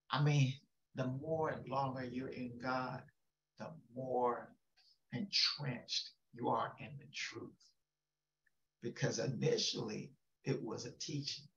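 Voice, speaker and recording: Slow, gravelly-voiced preacher man. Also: mid-range voice, a bit bright, reverberant, lo-fi sound. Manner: conversational preaching with rhetorical questions. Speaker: pastor. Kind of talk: sermon.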